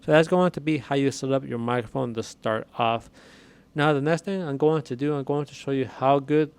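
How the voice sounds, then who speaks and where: A man's voice: mid-range voice, fairly even intonation, normal speed, clear, resonant tone. A man talking through a microphone setup in a plain, conversational way, repeating points as he goes. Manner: plain, conversational, repeats himself while explaining. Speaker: tech reviewer. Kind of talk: casual explanatory demo. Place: home room with a window. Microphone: USB dynamic microphone with headset.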